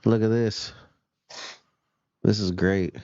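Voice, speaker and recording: A man's voice: fairly low pitch, fairly even intonation, slow, mellow, lo-fi sound. A man co-hosting a casual show, talking in a laid-back, profane way and laughing often while he reacts to news clips. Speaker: podcast co-host.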